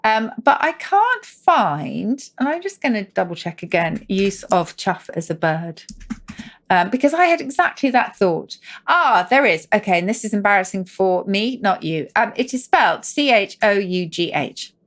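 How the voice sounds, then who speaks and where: A middle-aged woman co-hosting a casual podcast, explaining where words come from with lively asides. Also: mid-range voice, normal speed. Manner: animated, explains word origins with asides. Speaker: co-host.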